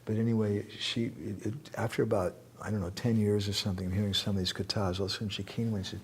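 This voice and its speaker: A man with a lowish voice giving a spiritual lecture in a temple hall, answering questions from the audience. He talks in an animated way, reciting verses and joking now and then. A faint hum of noise sits behind him. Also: quick pace, hardly any pauses. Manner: animated, quotes verses, jokes and laughs.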